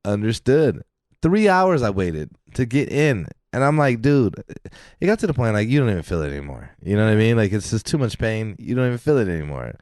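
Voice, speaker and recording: A man's voice: lowish voice, quick pace, few pauses, no echo, clean studio sound. A man co-hosting a podcast in casual chat, telling stories with plenty of swearing and laughter. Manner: animated storyteller, swears freely, laughs often. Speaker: podcast co-host. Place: podcast studio.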